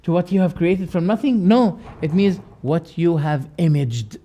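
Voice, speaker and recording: A man with a high-pitched voice delivers a classroom lecture on creed. He is emphatic, swinging between loud rising phrases and quiet, dropped endings. He repeats key words to drive each point home. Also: expressive, moderate pace, highs cut off. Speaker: religious teacher.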